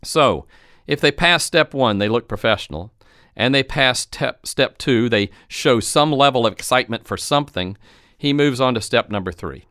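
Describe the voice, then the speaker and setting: A man with a smooth, resonant voice gives a coaching talk, recorded dry and close. He tells anecdotes and plays out the lines of the people in them. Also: medium pitch, lively intonation, moderate pace, fairly bright tone, no echo. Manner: retells anecdotes and acts out quoted speech. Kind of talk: instructional storytelling talk.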